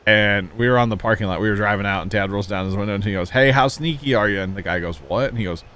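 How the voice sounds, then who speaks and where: A man's voice: on the low side, fairly even intonation, rapid-fire, a bit bright, clear, resonant tone. A man casually chatting with his viewers while streaming a farming game, rambling through folksy stories and asides. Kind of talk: casual livestream chat while playing.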